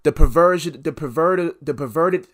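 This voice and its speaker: A man's voice: on the high side, normal speed. A young adult man hosting a solo devotional podcast, preaching with repeated phrases and strong emphasis.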